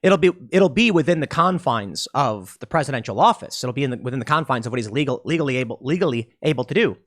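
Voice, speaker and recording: A man giving casual solo political commentary, animated and quick to slip into mocking voices. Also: medium pitch.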